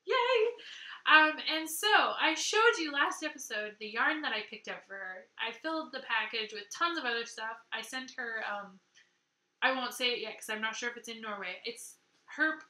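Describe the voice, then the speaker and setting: A woman from Canada hosting a knitting video podcast, chatting excitedly to camera and gushing over gifts she received. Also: on the high side, normal speed, echoey room. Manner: excitable, gushing, laughs often. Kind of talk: casual chat to camera.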